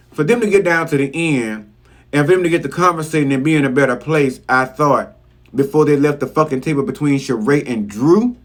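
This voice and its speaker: A man giving a casual, profane recap of a reality show episode, scolding the cast bluntly. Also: fairly high pitch. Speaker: reality TV commentator.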